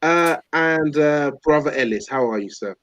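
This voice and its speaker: A man hosting a live football podcast in a relaxed, jokey way, greeting guests as brother and man. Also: on the high side, normal speed, poor audio. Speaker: podcast host.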